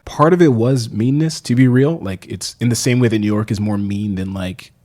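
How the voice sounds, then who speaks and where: A young man telling stories in a casual podcast chat, animated and swearing freely, laughing often. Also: fairly low pitch, moderate pace. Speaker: podcast guest, fiction writer. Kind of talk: casual conversation.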